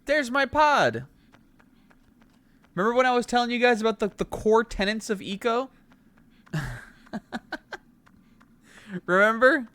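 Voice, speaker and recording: A young man's extremely high-pitched, smooth voice comments casually on his game stream at a normal speed, with long pauses. He rambles with fillers and laughing asides and reacts excitedly to the on-screen action. There's no room sound.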